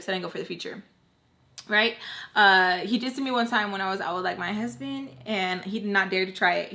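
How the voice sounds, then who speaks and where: A young woman telling a personal story in a casual, animated storytime chat, packed with "like" and acting out what people said. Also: mid-range voice. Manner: chatty, animated, heavy filler "like", acts out quoted voices. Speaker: storytime vlogger.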